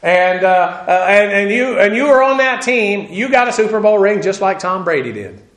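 Man, pastor, expository sermon, high voice, spells out Greek words, halting "uh" pauses, roomy echo. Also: animated, fairly bright tone. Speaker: pastor teaching a Bible study.

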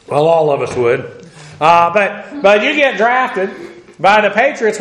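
High-voiced man preaching in an echoey hall. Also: very animated, a crowd in the background. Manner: spells out Greek words letter by letter, many "uh" pauses. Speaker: pastor teaching a Bible study. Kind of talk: expository sermon.

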